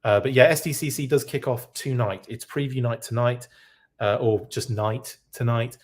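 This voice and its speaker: A man's voice: medium pitch, steady tone, normal speed, darkish tone. A man hosting a live podcast who reacts to news in a casual, rambling way and keeps correcting himself. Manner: rambling, self-correcting, chatty. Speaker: podcast host.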